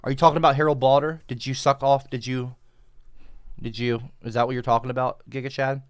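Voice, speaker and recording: A man livestreaming into a headset mic, reading chat aloud and cursing and yelling back at viewers. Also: mid-range voice, little pitch movement, fairly quick, clear, resonant tone, no echo, clean studio sound. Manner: profane, combative, shouting back at chat.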